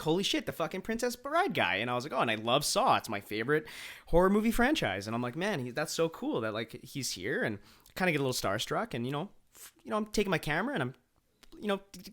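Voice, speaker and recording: A man's voice: medium pitch, a bit bright. Profane rambling podcast co-host, man. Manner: profane, rambling anecdote with many restarts. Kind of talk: casual podcast chat.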